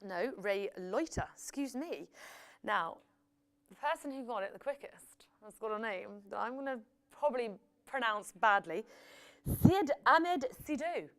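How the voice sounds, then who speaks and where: A woman's voice: fairly high pitch, lively intonation, unhurried. A woman hosting a live quiz, reading out questions and results with chatty, jokey asides. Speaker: quiz host.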